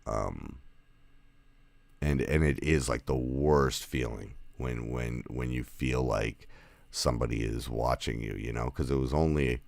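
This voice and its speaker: A man's voice: a bass voice, measured pace, gravelly, dry recording. A man hosting a podcast, chatting casually with remote guests over an audio call, rambling and correcting himself as he goes. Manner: rambling, self-correcting, laughs often. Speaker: podcast host.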